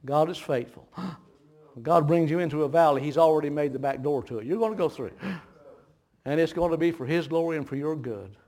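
A man preaching a sermon, telling a folksy story with laughter that turns hushed and grave, with audible gasps between phrases. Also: on the high side, fairly quick. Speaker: pastor.

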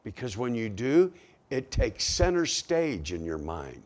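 Slow, lively-pitched preaching man. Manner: preaching with rhetorical questions to a congregation. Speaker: pastor. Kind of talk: sermon.

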